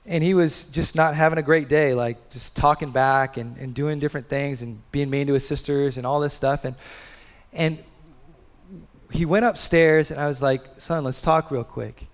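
Conversational pastor in an echoey hall. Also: male voice, a little high, steady tone, normal speed. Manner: conversational, rhetorical questions, acts out quotes. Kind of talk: sermon.

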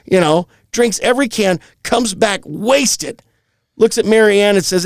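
A man co-hosting a comedy podcast, rambling through profane, animated storytelling. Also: high-pitched, a little slow, dry recording, studio quality. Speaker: podcast co-host. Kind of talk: crude comedy podcast chat.

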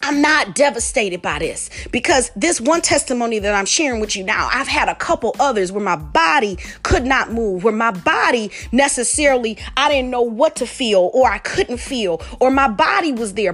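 A woman's voice: a little high, expressive, moderate pace, hardly any pauses, a bit bright. A woman preaching a fervent testimony sermon, repeating phrases and calling out to her listeners.

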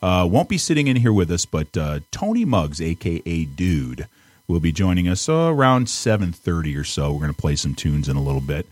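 Deep, lively older male radio host. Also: a little fast, no echo. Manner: rambling storyteller, laughs often, swears casually. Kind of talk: casual chat. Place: radio studio. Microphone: studio mic.

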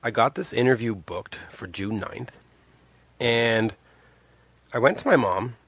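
A man in his fifties from Montreal, Canada casually tells a personal story, rambling with many restarts and asides and acting out the people he quotes with big pitch jumps. His voice is a little slow, fairly bright and slightly rough, with no echo.

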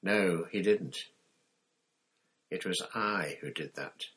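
Deep-voiced narrator as a gruff old wizard, very low and deliberate, quietly menacing. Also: male voice. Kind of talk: audiobook character voice.

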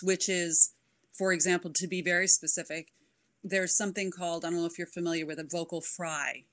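A woman author chatting as an interview guest, animated and full of ums. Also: lowish voice. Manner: animated, many ums, demonstrates voices. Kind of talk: casual interview chat.

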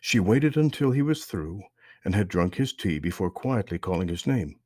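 A man hosting a podcast, reading a story in a calm, measured narration. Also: low voice, dry recording, clean studio sound.

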